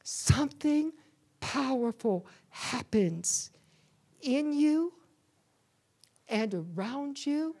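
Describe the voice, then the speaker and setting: A woman's voice: high voice, lively intonation, drawn-out words, long pauses, a little mellow. A woman preaching a sermon in church, calling on the congregation to answer back. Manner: call-and-response preaching to a congregation.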